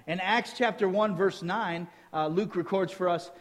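A man preaching a sermon, teaching in a lively way, quizzing his listeners with rhetorical questions and joking now and then. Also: high-pitched, moderate pace. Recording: long hall reverb.

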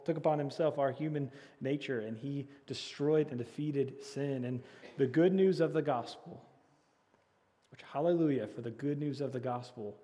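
A man's voice: mid-range voice, dark tone. A man preaching a sermon as pastor, earnestly repeating key phrases and leading the congregation in call and response. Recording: long hall reverb.

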